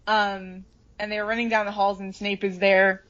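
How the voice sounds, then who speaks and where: A woman's voice: medium pitch, little pitch movement, moderate pace, muffled recording. A woman co-hosting a podcast, chatting casually and animatedly about a book, swearing freely and acting out the characters. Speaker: podcast co-host.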